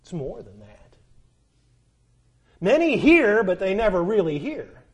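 A middle-aged preacher with a high, bright voice. He delivers a sermon, firing rhetorical questions at his listeners and repeating key phrases for weight. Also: very animated, measured pace, slightly rough. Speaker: pastor.

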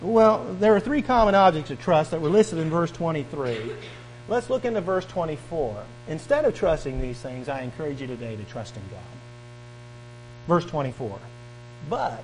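A man's voice: on the high side, sing-song, moderate pace, a little hiss or hum, poor audio. A male pastor delivering a sermon, reading scripture aloud and driving points home with a rising and falling preaching cadence and repeated questions.

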